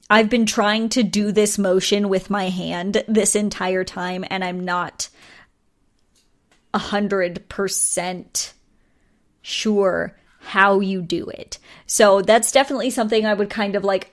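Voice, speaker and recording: A woman from the United States hosting a podcast solo, chatting casually with many fillers and small laughs. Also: medium pitch. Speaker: podcast host.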